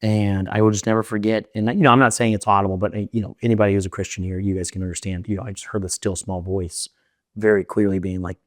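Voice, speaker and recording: A young man telling his story in an interview, rushing in run-on sentences full of fillers and restarts. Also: lowish voice, little pitch movement, no room sound, studio quality. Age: young adult. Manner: fast, run-on talk with many fillers and restarts. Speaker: interview guest.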